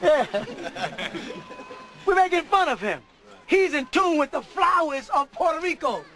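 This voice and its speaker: A middle-aged man preaching a sermon to a live audience, often shouting and laughing. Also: very high voice, expressive, unhurried, low-quality recording.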